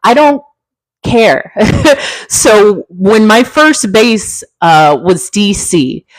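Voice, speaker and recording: A woman's voice: animated, extremely slow, dry recording, rough recording. A middle-aged woman from Central California, hosting a casual livestream, talking in a heartfelt, reflective way and answering comments. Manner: heartfelt, reflective, wide pitch swings, laughs easily. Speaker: livestream host, former flight attendant.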